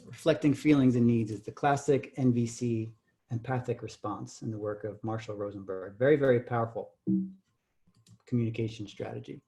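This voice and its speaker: A male communication trainer delivers a workshop lecture in a warm, relaxed voice at a medium pitch. He explains step by step and often checks in with the room using tag questions. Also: moderate pace, faint music behind.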